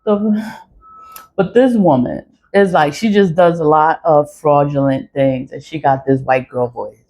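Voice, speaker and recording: A woman's voice: low-pitched, normal speed, darkish tone. A woman ranting to camera in a casual vlog, blunt and frustrated, swearing often and repeating phrases for emphasis. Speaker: vlogger.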